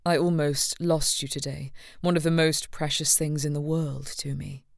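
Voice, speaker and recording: A woman narrator voicing a protective young man of royal birth, speaking quietly, low and earnest. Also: steady tone, normal speed, vocal fry, dry recording, studio quality. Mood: tender. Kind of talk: audiobook character reading.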